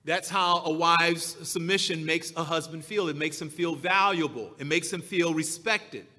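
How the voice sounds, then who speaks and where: A man preaching a sermon as pastor, slow and emphatic, drawing out his key words. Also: fairly high pitch, bright, forceful tone, long reverb tail.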